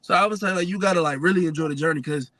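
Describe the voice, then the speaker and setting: A young adult man telling a family story in a casual, animated way, full of fillers. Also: sits high, racing, dry recording. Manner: lively, animated retelling with many fillers. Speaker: guest sharing family story.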